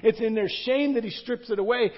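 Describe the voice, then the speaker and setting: A man's voice: extremely high pitch, a little fast. A man, a pastor, preaching a sermon in a church room in a conversational style, repeating key words for emphasis. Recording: dull lo-fi sound.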